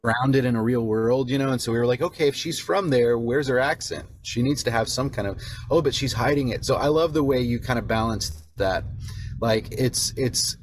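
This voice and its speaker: A man's voice: mid-range voice, a little fast, soft background music. A man, an author and father, talking casually and self-deprecatingly, laughing as he speaks. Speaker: author guest. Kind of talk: casual chat.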